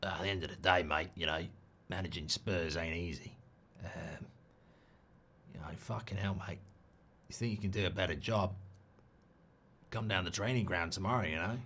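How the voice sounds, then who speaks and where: A man doing an impression of a weary, swearing Australian football manager, in a low, mumbling put-on voice. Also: fairly even intonation, normal speed, long pauses, fairly bright tone, a little hiss or hum. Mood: gruff, weary.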